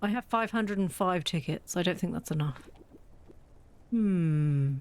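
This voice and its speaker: A woman's voice: on the low side, a little fast. A woman chatting casually and mocking herself as she plays through a farming game. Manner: chatty, self-mocking, thinks aloud. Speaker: game streamer. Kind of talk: casual let's-play commentary.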